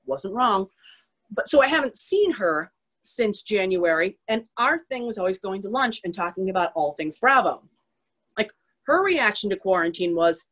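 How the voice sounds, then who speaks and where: A woman's voice: medium pitch, expressive, a bit bright. A woman author talks on a video call in a loose, chatty way. She rambles from one tangent to the next and pokes fun at herself as she goes. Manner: chatty, self-deprecating, fast tangents. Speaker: author guest. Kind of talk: casual chat on a virtual author event.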